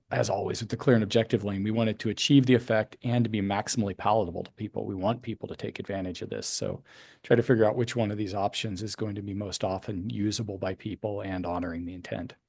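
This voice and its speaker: Gravelly low-voiced planning staffer. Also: male voice, darkish tone, no echo, clean studio sound. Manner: explanatory, thinking aloud with fillers. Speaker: county planning staff member. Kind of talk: public meeting remarks.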